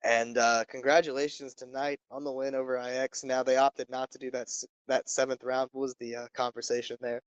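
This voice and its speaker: A man's voice: mid-range voice, little pitch movement, brisk, hardly any pauses, smooth, no echo, lo-fi sound. A young man hosting as an esports caster, interviewing a player casually with teasing jokes. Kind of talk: casual post-match interview.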